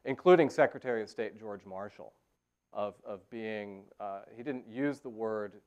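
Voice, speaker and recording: Lower-voiced man lecturing, many "uh" fillers. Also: normal speed, a little mellow. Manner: frequent "uh" fillers and restarts. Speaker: history professor. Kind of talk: academic lecture. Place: university lecture hall.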